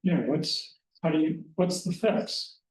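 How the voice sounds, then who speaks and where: A council member asks short, blunt questions in a slightly high voice. He sounds far from the microphone, in an echoey meeting hall with faint background noise. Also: takes it slowly.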